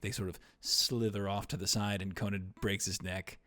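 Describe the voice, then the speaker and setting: A man's voice: on the low side, flat delivery, moderate pace, pushed and bright. A man hosting a casual film podcast, talking in a rambling, wry way that often trails off into a mumble. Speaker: podcast host.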